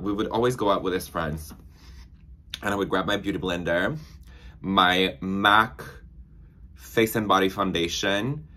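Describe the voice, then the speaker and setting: A man's voice: low voice, sharp tone. A young man chatting casually while doing makeup, rambling through stories with lots of filler words. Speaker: beauty vlogger.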